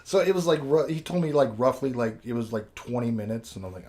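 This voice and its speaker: A man in a casual podcast chat, rambling through a story full of swearing and laughter. His voice sits at a middle pitch. He holds the floor, piling on asides. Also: animated, quick pace, a little mellow. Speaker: podcast host.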